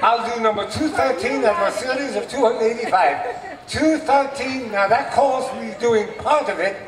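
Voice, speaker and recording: A man performing at a renaissance faire, telling a joke to a live crowd in an animated, audience-addressing way. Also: extremely high pitch, moderate pace. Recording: echoey open air from far mic, noisy.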